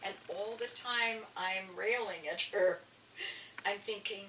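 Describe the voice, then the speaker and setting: An older woman, a guest elder and artist, telling animated stories in an interview with frequent restarts. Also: mid-range voice, slow pace, noisy background. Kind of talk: storytelling interview. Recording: echoey room, distant mic, faint ambience.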